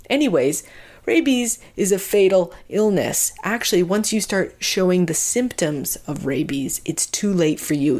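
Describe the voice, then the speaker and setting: Self-mocking woman telling an anxious story. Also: sits low. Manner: animated, self-mocking, acts out both sides of the talk. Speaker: podcast host telling a personal story. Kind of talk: comic personal storytelling.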